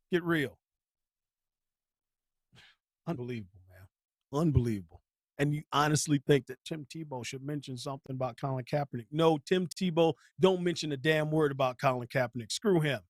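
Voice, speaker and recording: A man's voice: on the high side, no room sound, clean studio sound. A man hosting a live stream, ranting bluntly about sports with heavy slang and repetition. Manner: heated, blunt, slangy, repeats himself. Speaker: channel host.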